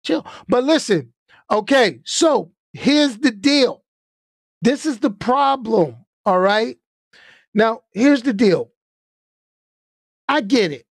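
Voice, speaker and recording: This man's pitch is extremely high as he offers animated commentary on a live stream. His pace is slow and measured, and he breaks up his points with frequent "okay?" and "all right?" checks. There's no room reverb; the sound is dry and up close.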